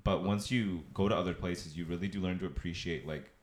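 Canadian guy, really low voice, laid back chatty storytelling, laughs a lot, roomy echo. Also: fairly quick. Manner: laughs often, relaxed storytelling with filler words. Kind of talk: casual chat. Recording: echoey room.

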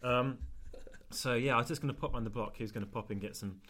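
A man's voice: mid-range voice, fast talker, a bit bright. A young man telling a story in casual chat as podcast co-host, dry and self-mocking.

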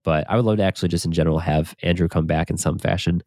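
A young man co-hosting a podcast, discussing a movie in relaxed, enthusiastic casual talk. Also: low voice, rapid-fire, no echo, clean studio sound. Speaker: podcast co-host.

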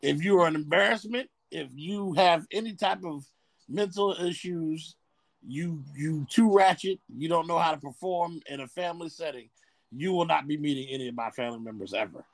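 Male podcast co-host, slightly high gravelly voice, casual and frank. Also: moderate pace, no echo. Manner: blunt, profane, animated storytelling.

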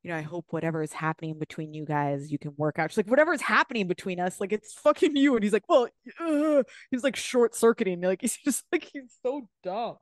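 A woman's voice: lowish voice, lively intonation, quick pace, few pauses, no room sound, studio quality. A woman co-hosting a podcast, chatting casually and gossiping, swearing and acting out quotes from the show. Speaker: podcast co-host. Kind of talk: casual chat.

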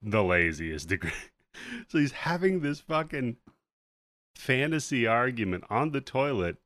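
A man co-hosting a comedy podcast, retelling a movie plot with lots of swearing and acting out the characters in quick bits. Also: mid-range voice, no echo. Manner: animated storytelling, acts out movie characters. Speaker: podcast co-host. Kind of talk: casual comedic movie recap.

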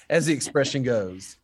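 A man who teaches history, telling faith stories in an interview with lively, animated delivery. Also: a little hiss or hum. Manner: animated storyteller, rising pitch when quoting others. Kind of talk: storytelling in a faith podcast interview.

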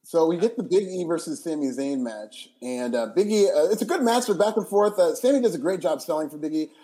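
A man with a high, mellow voice talks quickly in a casual podcast chat. He is eager and opinionated, running through recaps at speed. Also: lively intonation.

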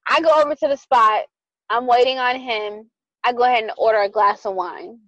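A young adult woman co-hosting a podcast, telling a dating story in casual chat, animated and profane, acting out both sides. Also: on the high side, a little fast, no room sound, dull audio. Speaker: podcast co-host.

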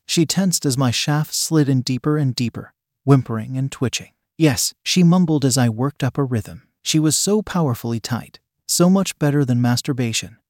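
A man narrating a first-person story in a steady, measured reading voice. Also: medium pitch, dry recording. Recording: dry close recording.

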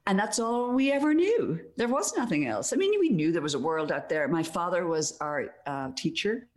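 A woman's voice: on the low side, big pitch swings, normal speed. A middle-aged woman with an Irish accent, guest in a casual conversation, speaking reflectively and laughing easily. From Ireland, Donegal.

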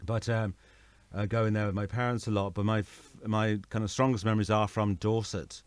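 A middle-aged English man rambles through casual talk and keeps correcting himself mid-sentence. His voice sits on the low side, and the recording is dry and close, with no room sound. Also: little pitch movement, normal speed, no room sound. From England. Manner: rambling, self-correcting storyteller. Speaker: guest. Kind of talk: casual conversation.

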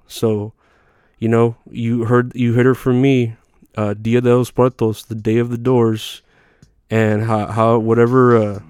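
A young man hosts a podcast, his mid-range voice carrying a darkish tone. He rambles through a profane comedic rant full of fillers and restarts.

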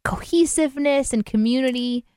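Woman co-host, chatty and upbeat, slightly high voice, dry close mic. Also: normal speed, darkish tone, no room sound. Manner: chatty, enthusiastic, many fillers. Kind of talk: casual chat.

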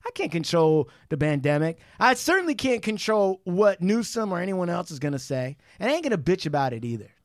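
A man co-hosting a podcast, telling animated, profane stories in casual chat and mimicking people he describes. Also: sits high, fairly quick, hardly any pauses, no echo, clean studio sound. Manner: animated storyteller, swearing, mimics people in anecdotes. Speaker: podcast co-host.

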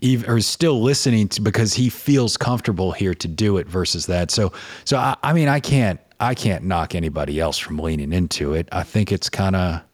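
Rambling New Orleans man, low voice. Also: moderate pace, hardly any pauses. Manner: rambling, restarts a lot, animated. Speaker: podcast guest, storyteller. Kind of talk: casual chat.

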